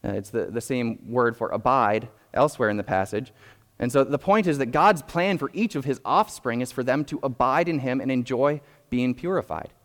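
A young adult pastor preaches in a hall, his mid-pitched, fairly bright voice trailing into long reverb. He explains things patiently and carefully, often restarting sentences as he thinks aloud.

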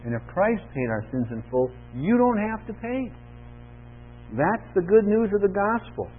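A man's voice: sing-song, measured pace. A man preaching a sermon in church, reading verses and asking the congregation questions, his voice rising for emphasis. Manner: asks the congregation questions, rises in pitch and volume for emphasis. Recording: tinny narrow-band recording with mains hum.

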